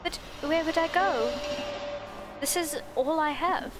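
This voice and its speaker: A woman voicing a gentle, polite elderly widow who speaks softly and a little shakily. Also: high-pitched, takes it slowly, loud music behind the voice, voice pushed up. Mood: pleading.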